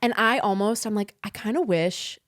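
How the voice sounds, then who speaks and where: Young woman, author guest, casual podcast chat, animated storyteller, close dry mic. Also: mid-range voice, normal speed, no room sound. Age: young adult. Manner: animated storytelling, acts out quoted voices, laughs often. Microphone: studio podcast mic.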